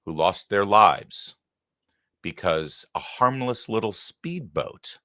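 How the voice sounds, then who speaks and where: A man with a very low voice hosts a live political talk show, sarcastic and combative and quick to get heated. His voice sits close and dry on the mic, with no room sound around it. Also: lively intonation, pushed and bright, no echo.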